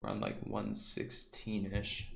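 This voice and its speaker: A man who is losing his voice from a sore throat, hosting a casual live stock trading stream and reading out price levels slowly. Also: fairly low pitch, monotone, vocal fry, bright, forceful tone, reverberant. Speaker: stock trading livestream host. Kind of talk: casual live market commentary.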